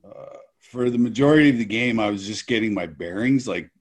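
A man's voice: lowish voice, animated, brisk. A man as an interview guest, telling a story in a laid-back way. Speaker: guest, former hockey player. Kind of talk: casual storytelling.

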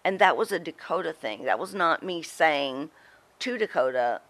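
On an interview show, a middle-aged woman who used to be a wrestling personality tells candid stories, blunt and emphatic, with frequent cursing. Her low voice is expressive and a bit bright, delivered at a moderate pace.

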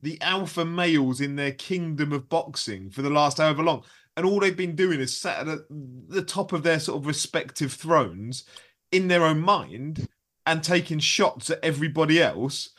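A man chats on a casual podcast, telling stories with an amused, mocking edge. His voice sits a little higher than most men's. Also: normal speed, a bit bright. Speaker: podcast co-host. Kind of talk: casual chat.

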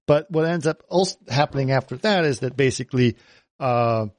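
A man co-hosting a casual film podcast, retelling a plot with many fillers and quick acted quotes. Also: mid-range voice, dry recording, clean studio sound. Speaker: podcast co-host.

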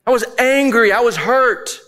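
A man's voice: extremely high pitch, moderate pace, pushed and bright. A married man preaching a sermon, telling a personal story candidly and building to emphatic points. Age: adult, married. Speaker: pastor.

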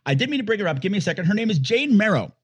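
A man's voice: high voice, slightly rough. A man co-hosting a podcast, joking and laughing as he riffs through a bad old movie. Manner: animated, joking, quick to laugh. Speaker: podcast co-host. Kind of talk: casual movie riffing.

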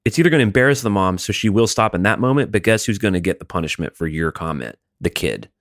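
A man chatting casually, thinking aloud and leaning on fillers. His voice is fairly low but swings widely in pitch, recorded dry with no room echo. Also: expressive, fast. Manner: reflective, heavy use of "like". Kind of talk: casual chat.

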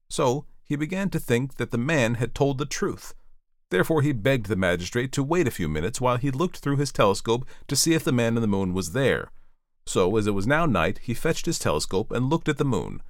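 A man telling a storybook tale in an expressive, playful way, his pitch rising and falling a lot. He slips in chatty asides to the listener. The sound is dry and close, with no room around it. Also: no room sound. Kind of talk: storybook reading aloud.

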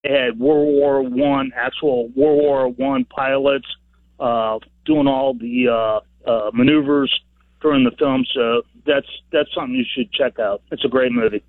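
A man's voice: medium pitch, lively intonation, a little slow, creaky, no echo. A man calling in to a radio show, rambling and repeating himself with many uhs. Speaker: caller. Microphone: telephone. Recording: dry tinny phone line.

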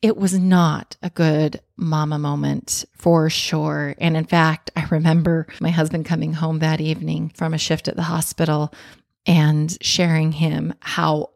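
A woman's voice: sits low, little pitch movement, a little slow, creaky, darkish tone, no room sound, clean studio sound. A woman, a mother, telling an earnest, self-reflective personal story in a candid, confessional way.

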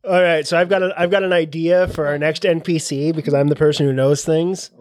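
A man with a high voice chats as a player at a game table. He jokes around and throws in quick remarks in a loose, casual way. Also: steady tone, darkish tone. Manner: joking, quick interjections.

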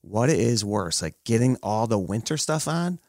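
Animated joking dad on a podcast. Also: male voice, medium pitch, measured pace, no echo, clean studio sound. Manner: animated, jokey storytelling with put-on quotes. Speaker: podcast co-host. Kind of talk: casual chat.

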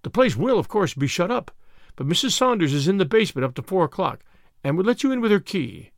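Man voicing fretful elderly collector, high, fluttering, polite, dry close audiobook sound. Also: very animated, fast talker, dry recording. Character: fussy elderly male collector, eager and anxious.

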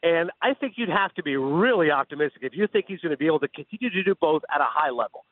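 Fast-talking man on a tinny phone line. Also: fairly high pitch, no room sound. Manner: animated, acts out imagined dialogue. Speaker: phone-in sports analyst guest. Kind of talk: sports radio talk.

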